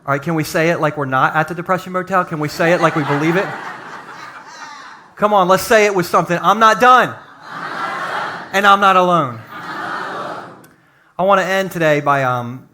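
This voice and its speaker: A man preaching a sermon as pastor in a church, dropping from loud calls to hushed near-whispers. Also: fairly high pitch, fast, noisy background. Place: church sanctuary.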